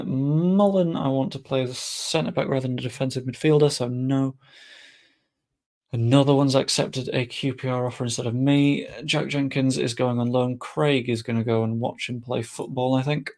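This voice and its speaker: A man's voice: mid-range voice, a little mellow. A young man giving casual, chatty commentary while playing a game, muttering to himself and swearing offhand. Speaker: gaming streamer.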